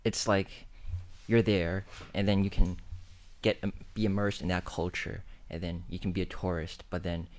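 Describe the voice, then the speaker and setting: A man hosting a casual interview, asking loose, relaxed questions with brief backchannels. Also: deep voice, normal speed.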